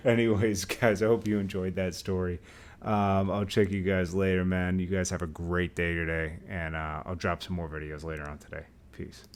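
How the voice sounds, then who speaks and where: A young man casually telling a story to his viewers, acting out the other people's lines with loud, high outbursts. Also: normal speed. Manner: animated, acts out quotes with loud high outbursts.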